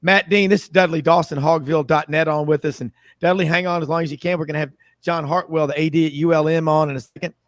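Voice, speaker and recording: Man, radio host, slightly high, dry close sound, chatty, rambling. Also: steady tone, fast, dry recording. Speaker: sports talk host. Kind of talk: radio talk show.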